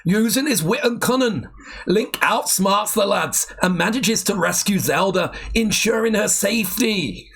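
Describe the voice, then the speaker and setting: A man's voice: high voice, lively intonation, a little slow, a bit bright, slightly rough. A man co-hosting a casual chat, reading aloud and bantering with self-mocking laughs. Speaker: podcast co-host.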